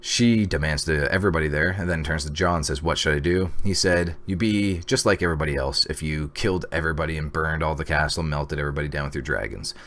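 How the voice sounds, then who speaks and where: Man, very low voice, casual video review, excited, rambling, filler-heavy. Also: fast, hardly any pauses. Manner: excited, rambling recap with many fillers and acted reactions. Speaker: TV episode reviewer.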